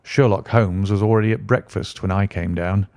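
Low, dry-voiced male narrator. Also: fairly even intonation, normal speed, a little mellow, no echo. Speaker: audiobook narrator. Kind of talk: scripted narration.

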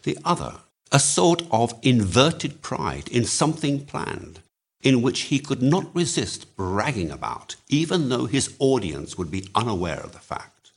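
A man narrating a novel aloud with measured storytelling. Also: medium pitch, very animated, vocal fry, husky. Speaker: audiobook reader.

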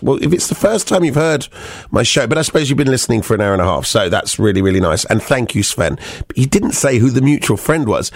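A man's voice: mid-range voice, expressive, fast talker, vocal fry, no echo, clean studio sound. A man hosting a radio show, reading out listener messages in a chatty, teasing way.

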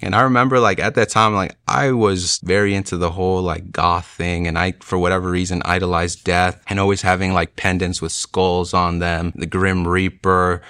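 A man's voice: low-pitched, little pitch movement, moderate pace, hardly any pauses, fairly bright tone, no echo, studio quality. A young man earnestly telling a personal conversion story, reflective and loose, with lots of "like" and "you know.". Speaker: speaker sharing a conversion testimony.

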